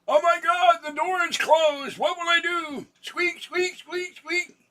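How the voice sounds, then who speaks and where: A man voicing a panicked female house cat who is shut in, squeaky and frantic. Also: steady tone, takes it slowly, exaggerated voice. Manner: squeaky, frantic, shouted from afar.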